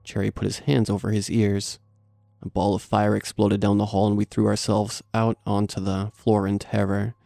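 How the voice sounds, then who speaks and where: A man reads a horror story aloud in a low, gravelly voice with a dark, mellow tone. He keeps a steady, measured pace, recorded close and dry, with faint music playing underneath. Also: no room sound. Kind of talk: scripted horror narration.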